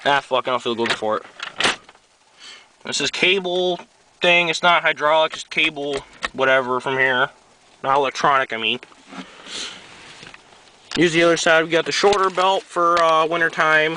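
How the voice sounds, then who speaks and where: A man's voice: a little high, noisy background. Young man rambling casually, slightly sick. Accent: Southern US tinge. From New York. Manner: offhand, rambling, swears casually. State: a little sick. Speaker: vlogger showing his truck. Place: outdoors beside a truck in the cold.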